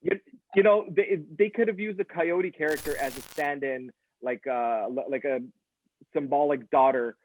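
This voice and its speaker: A man's voice: on the high side, dry recording. Stammering young man, tinny phone-like sound. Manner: stammering, repeats words as he talks. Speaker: movie review co-host. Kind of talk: casual chat.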